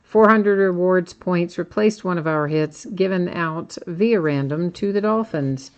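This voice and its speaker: A woman's voice: on the low side, unhurried. A woman hosting a trading card break, talking through each step in a chatty way with dry sarcastic asides. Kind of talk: casual live commentary. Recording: dull lo-fi home recording.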